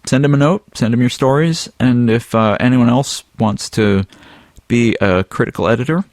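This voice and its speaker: A man co-hosting a podcast, relaxed and chatty with plenty of ums and uhs. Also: mid-range voice, normal speed, no room sound, clean studio sound. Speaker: podcast co-host. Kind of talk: casual podcast chat.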